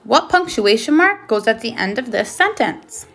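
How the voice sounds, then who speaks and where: Bright, lively woman teaching first grade. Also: on the high side, normal speed, soft background music. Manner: patient, asks questions then confirms answers. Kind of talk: first grade video lesson.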